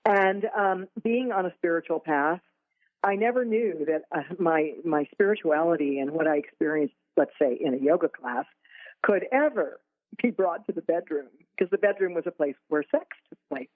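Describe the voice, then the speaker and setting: A woman's voice: lowish voice, moderate pace, no echo. A woman guest on a talk radio interview, telling her story with fillers and light laughs. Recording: tinny call line.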